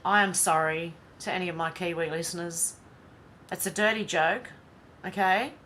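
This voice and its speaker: A woman's voice: lowish voice, steady tone, normal speed, fairly bright tone, a little hiss or hum. An Australian woman vlogger reading social media posts aloud and commenting on them in a chatty, wry way. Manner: chatty and wry, with sighs and asides.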